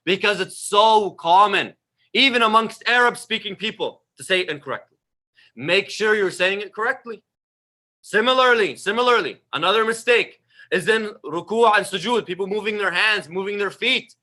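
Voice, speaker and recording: A man's voice: high voice, lively intonation, normal speed, bright, forceful tone. A young man giving an informal religious talk, emphatic and conversational, often repeating his phrases. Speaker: religious teacher. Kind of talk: informal sermon on prayer.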